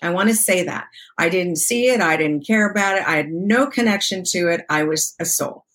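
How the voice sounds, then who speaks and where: An interview guest in her sixties shares a personal story at a normal speed, her voice on the low side. She talks conversationally and expressively, performing bits of dialogue and laughing frequently.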